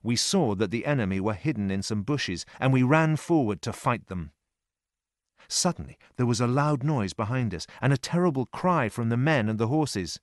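A man reading a first-person novel aloud as an audiobook for English learners, in a steady storytelling voice. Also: mid-range voice, normal speed, no room sound, clean studio sound. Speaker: narrator.

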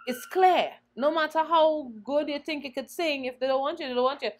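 A young woman singer, a guest in an interview, telling her story in an animated way and acting out the voices she quotes. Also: sits high, a little fast. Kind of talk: conversational storytelling.

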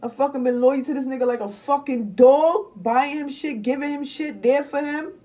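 A woman venting bluntly and profanely to her viewers in casual talk, swinging between muttering and loud outbursts. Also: high-pitched, normal speed. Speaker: vlogger.

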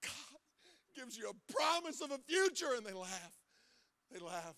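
A male assistant pastor preaching an impassioned sermon, swinging from loud shouts to hushed tones with a sing-song cadence at the peaks. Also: very high voice, sing-song, a little slow. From Ohio. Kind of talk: Pentecostal-style preaching sermon. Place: church sanctuary.

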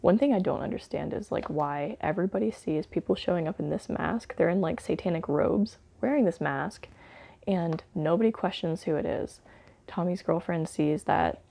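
A woman's voice: fairly low pitch, moderate pace, creaky, mellow. A woman casually reviewing a movie, rambling with fillers and wry asides.

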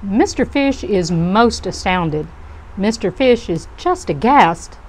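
A woman reading a children's picture book aloud for a youth club, gentle and expressive. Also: mid-range voice, slow, a little hiss or hum. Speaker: storybook reader for a youth club.

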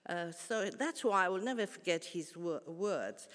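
A woman's voice: a little high, expressive, some chatter behind. Older woman lecturing. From South Africa. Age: 70s. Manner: measured, earnest storytelling with pauses and restarts. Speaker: guest lecturer. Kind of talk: formal public lecture. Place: large concert hall. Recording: long hall reverb.

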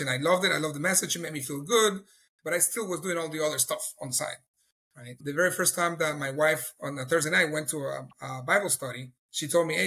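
Middle-aged man, earnest testimony teller, fairly high, bright tone. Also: breathy edge. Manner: earnest, storytelling, acts out his own past thoughts. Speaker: guest telling his faith testimony. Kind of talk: personal testimony in an interview.

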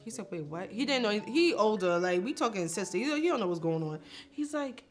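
A young woman tells a story in a casual vlog, her voice sitting at an ordinary middle pitch. She jumps into the quotes of the people around her and laughs along the way. Faint music plays under her voice. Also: fairly quick. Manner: animated, laughing, acts out quotes. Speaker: vlog host.

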